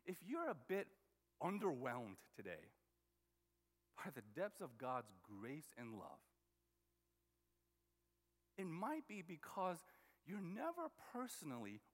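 High-voiced pastor preaching in a reverberant hall. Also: male voice, very animated, slow pace, pauses often. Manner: conversational, with many restarts and stammered repeats. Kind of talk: sermon.

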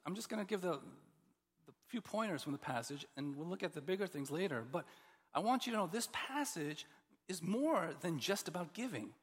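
A man preaching a sermon as pastor, expressive and building to emphatic, repeated points. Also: sits high, slightly rough, big-room sound.

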